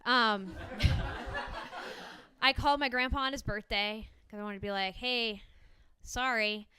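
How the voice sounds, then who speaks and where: A young woman works through a stand-up comedy set before a small live audience, chatty and self-deprecating. Her voice sits a little high and comes across bright and sharp. She fills the gaps with ums and laughs between jokes. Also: fairly even intonation, takes it slowly, clean tone, no room sound.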